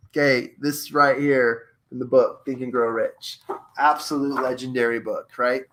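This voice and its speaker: A young man hosting a live coaching stream, energetic and playful, reading passages aloud and chatting directly to his viewers. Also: mid-range voice, unhurried. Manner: energetic, playful, reads aloud from a book and retells movie scenes. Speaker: host of a live social media show.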